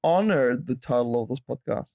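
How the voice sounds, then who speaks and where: A man's voice: medium pitch, animated, moderate pace, a little mellow, no room sound, lo-fi sound. A man co-hosting a casual podcast, laughing often and joking with his partner. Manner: laughs often, mixes in Spanish. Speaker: podcast co-host.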